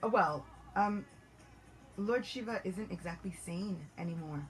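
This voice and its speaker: A woman voicing a charming, persuasive young male priest who coaxes with soft hesitant asides. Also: mid-range voice, measured pace, soft background music, lightly acted, poor audio. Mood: sly. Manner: smooth, coaxing, hesitant fillers.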